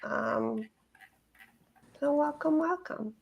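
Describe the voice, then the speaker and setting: Woman, host, gravelly voice, chatty, playful, casual livestream chat. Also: sits high, drawn-out words, dull audio. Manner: chatty, laughs often, playful.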